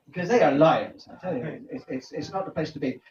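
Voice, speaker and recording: A high-voiced man works through a stand-up set, his pitch leaping around as he fires off jokes and throws questions at the crowd. He is recorded from a distance in a live venue, so the sound is echoey with clear background noise. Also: animated, fairly quick, a little mellow, dull audio. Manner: punchy joke-telling, quizzes the audience. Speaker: stand-up comedian.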